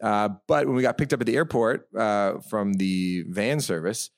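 This co-host has a lowish voice and speaks at a moderate pace, sharing self-mocking anecdotes with frequent laughter during a live podcast on a festival stage. The sound is dry and clean, like a studio recording.

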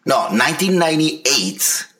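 This is a man in his thirties with a bright, forceful voice, chatting casually on a podcast. He tells rambling, profane stories and keeps restarting his sentences. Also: on the high side, lively intonation, a little slow. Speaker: podcast co-host. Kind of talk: casual chat.

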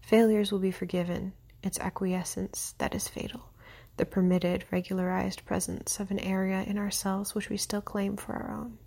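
A woman hosting a show, reading a devotional text aloud in a soft, often half-whispered voice, with brief comments of her own. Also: mid-range voice, flat delivery, moderate pace, creaky.

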